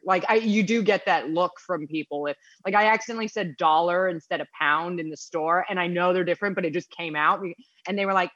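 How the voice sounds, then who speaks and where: A woman's voice: on the low side, fast, hardly any pauses, a bit bright, no room sound. Woman guest, chatty and self-deprecating, dull lo-fi audio. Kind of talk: casual interview chat.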